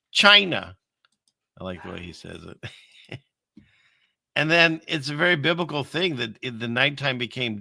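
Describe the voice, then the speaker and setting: A man's voice: on the low side, vocal fry, pushed and bright, dry recording, clean studio sound. A man hosting a show, rambling wryly through video clips and talking to his chat. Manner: rambling, wry, talks to chat. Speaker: show host. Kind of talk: casual commentary on video clips.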